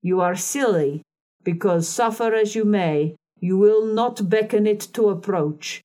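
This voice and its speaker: A woman's voice: mid-range voice, mellow, close to an everyday voice. A woman playing a harsh old fortune-telling crone. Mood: probing. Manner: decided, deliberate, mocking.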